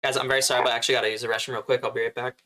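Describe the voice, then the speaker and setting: Fast-talking, bright man at the game table. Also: mid-range voice, flat delivery, a little hiss or hum. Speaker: player. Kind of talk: casual tabletop game talk.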